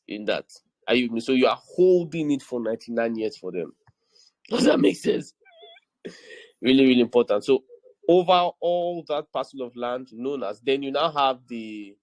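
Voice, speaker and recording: A man's voice: medium pitch, no echo, low-quality recording. A man teaching real estate in an online class over a video call, repeating key points and checking in with his students. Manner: keeps checking in with the audience, emphatic repetition.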